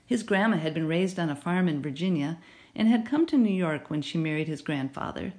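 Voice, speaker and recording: A woman narrating a children's novel in an expressive storytelling manner. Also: fairly low pitch, brisk. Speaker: audiobook narrator.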